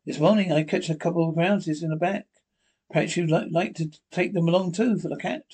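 A man's voice: fairly high pitch, fairly even intonation, fairly quick, darkish tone, slightly rough. A man reading the part of a chatty, nosy butcher who speaks in broken English with folksy exclamations. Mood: teasing.

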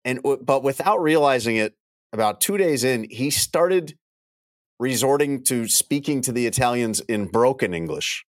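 A man's voice: mid-range voice, lively intonation, normal speed, no echo, clean studio sound. A middle-aged man co-hosting a casual podcast chat, rambling and repeating phrases as he tells a travel story. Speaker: podcast co-host.

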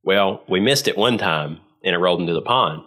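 Deep fast-talking man. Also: lively intonation, sharp tone. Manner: laid-back rural drawl, folksy storytelling. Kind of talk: casual chat, storytelling.

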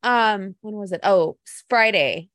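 A woman co-hosting a casual podcast chat, telling stories in an animated, gushing way. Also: medium pitch, unhurried, no echo.

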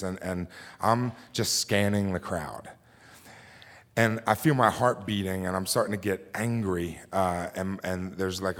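A man with a fairly low voice tells a true story from his own life before a live audience in a theater. He speaks loosely, with fillers and restarts. The recording is clean and close. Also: a bit bright. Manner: conversational with frequent fillers and restarts.

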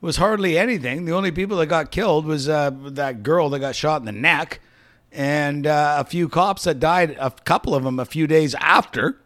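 A man's voice: on the high side, normal speed, a bit bright. A man hosting a podcast, chatting casually and bluntly, swearing freely and laughing easily. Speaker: podcast host. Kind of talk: casual chat.

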